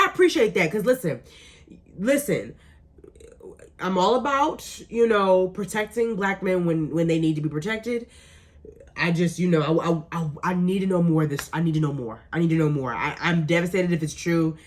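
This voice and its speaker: A young adult woman hosting a radio show, chatting casually and animatedly while reading live comments. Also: on the low side. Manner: animated, laughing, emphatic repetition.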